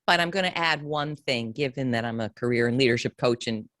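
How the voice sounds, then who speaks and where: A woman's voice: very deep voice, brisk, a bit bright, no room sound. A woman who hosts a podcast and works as a career coach, talking with an enthusiastic, emphatic manner and building her points in lists. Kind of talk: interview conversation. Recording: dry close sound.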